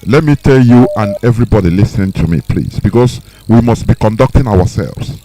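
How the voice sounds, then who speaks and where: A man's voice: on the low side, expressive, a little fast, warm tone, a little hiss or hum, rough recording. Stern male call-in radio host. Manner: stern, scolding callers, repeats words. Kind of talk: live call-in radio show.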